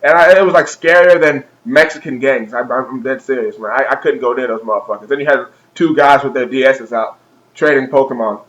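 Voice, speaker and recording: A man's voice: medium pitch, fairly quick, a bit bright, low-quality recording. A young man vlogging a comedic rant, profane and exaggerated, laughing at his own jokes.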